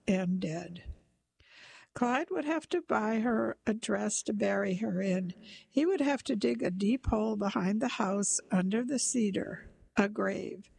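A woman reading literary fiction aloud in a measured, unhurried storytelling manner. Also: medium pitch, creaky, a little mellow, rough recording. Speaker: narrator. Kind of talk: scripted narration of literary fiction.

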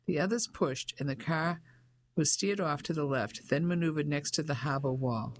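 Audiobook narrator for a period mystery, even and steady delivery. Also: medium pitch, normal speed.

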